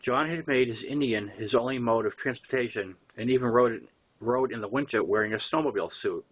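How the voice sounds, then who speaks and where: A man reading his own first-person novel aloud, relaxed and conversational with small fillers. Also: mid-range voice, a little fast, lo-fi sound. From Boston area. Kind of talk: first-person memoir narration.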